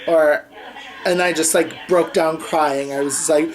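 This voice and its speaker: A man's voice: fairly high pitch, fairly even intonation, measured pace, soft background music, poor audio. A young man recounts a personal story in a casual home vlog. He rambles loosely, piling on fillers and "like"s as he goes. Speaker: vlogger. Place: home bedroom with a TV on.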